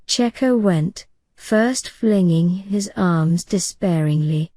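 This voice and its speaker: Slow, soothing woman reading a bedtime story. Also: lowish voice, no echo. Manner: calm, soothing. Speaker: audiobook narrator. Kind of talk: soft bedtime audiobook reading.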